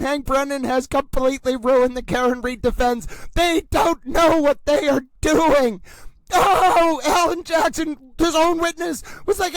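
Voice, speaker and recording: A man with a strikingly high voice hosts live reaction commentary, piling on theatrical exclamations. He slips into a boxing-announcer bellow and keeps calling out to his audience. His voice is close and dry, with no room sound. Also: fairly even intonation, unhurried, no echo. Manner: theatrical, over-the-top exclamations; boxing-announcer style, bursts into shouting. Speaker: host, trial commentator.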